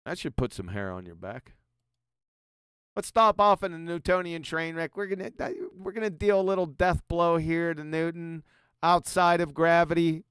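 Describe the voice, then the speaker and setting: A man's voice: on the high side, moderate pace, fairly bright tone, smooth, no room sound, clean studio sound. A man hosting a livestream in a combative, sarcastic way, reading quotes aloud and mocking them. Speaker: host.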